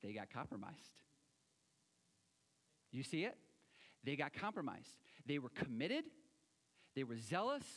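A man preaching a sermon, animated, acting out quoted voices and swinging between loud and soft. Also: medium pitch, a little slow, long pauses, long reverb tail. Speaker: pastor.

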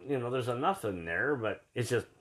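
A man's voice: mid-range voice, expressive, brisk, fairly bright tone. A man from Canada telling travel stories in casual chat, rambling with lots of fillers and swearing.

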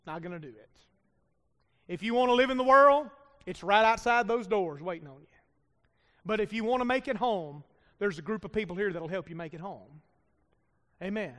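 A man's voice: very high-pitched, bright, forceful tone. A middle-aged pastor preaching a fiery sermon, pressing hard and calling out for amens from his congregation. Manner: emphatic, calls for amens from the congregation. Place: church sanctuary. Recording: long hall reverb.

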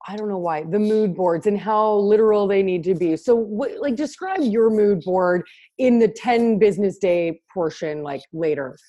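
A woman's voice: medium pitch, moderate pace, mellow, highs cut off. Eager, stumbling woman podcast host. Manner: eager, self-deprecating, stumbling questions. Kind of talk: casual podcast interview.

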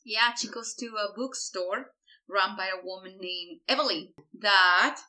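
A woman co-hosting a casual film review chat, chatty and quick to laugh. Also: medium pitch, sharp tone, poor audio. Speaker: film podcast co-host.

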